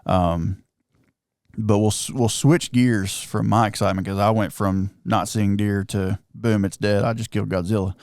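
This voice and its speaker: Guy telling a hunting story all excited, gravelly and low, dry close sound. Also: moderate pace, no echo. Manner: excited, animated storyteller, acts out quotes. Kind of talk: casual storytelling chat.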